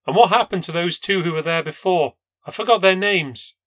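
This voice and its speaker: A man voicing a kind middle-aged female neighbour who is a nurse, speaking gently and soothingly. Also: high voice, moderate pace, pitched above the performer's own voice. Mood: gentle.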